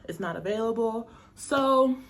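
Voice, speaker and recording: An American woman with a slightly high, unhurried voice chats casually with viewers in her travel vlog. She laughs a lot and uses slang.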